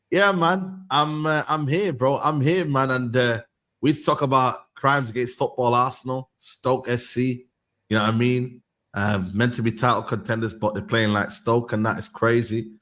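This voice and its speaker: A man's voice: medium pitch, fairly bright tone. A man co-hosting a football show, defending his team and repeating his points. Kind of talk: casual football banter.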